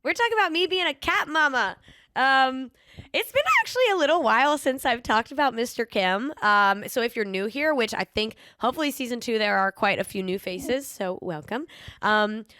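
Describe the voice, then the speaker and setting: Animated and fairly high-pitched, a young woman's pushed, bright, smooth voice moves at normal speed as she hosts her solo podcast. She's a chatty storyteller with a playful, sassy edge, lots of ums, and now and then a slight lisp.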